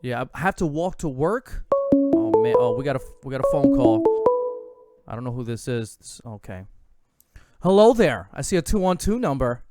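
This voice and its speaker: A man's voice: medium pitch, very animated, moderate pace, warm tone, faint music behind. A young man hosting a casual sports call-in show, chatty and joking, laughing often. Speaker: host.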